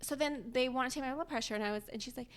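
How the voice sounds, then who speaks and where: A young adult woman co-hosting a podcast, telling a story in casual chat, animated and often laughing as she acts out the people in it. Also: high voice, very fast, clean tone. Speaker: podcast co-host.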